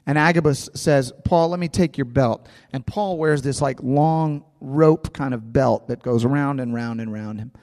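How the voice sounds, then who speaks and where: A man preaching a sermon, lively and repetitive, acting out a scripture scene with a volunteer. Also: medium pitch, measured pace, hardly any pauses. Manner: animated, repeats words, acts out scripture with a volunteer. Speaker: pastor. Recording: long hall reverb.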